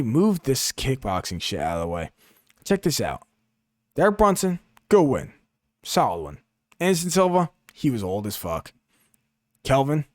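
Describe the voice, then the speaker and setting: A young man talks through his fighter rankings in a loose, profane, offhand way, muttering to himself as he searches for names. His pitch swings up and down a great deal. The sound is dry and close, with no room echo. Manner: profane, blunt and offhand, musing aloud while typing searches. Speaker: MMA commentary YouTuber. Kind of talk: casual ranking commentary.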